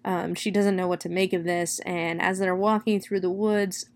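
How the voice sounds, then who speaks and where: A woman's voice: on the low side, normal speed. Chatty woman recapping a horror novel. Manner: chatty, with many "like" and "you know" fillers; expressive, dwelling on gory detail. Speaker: book reviewer. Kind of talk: casual plot recap.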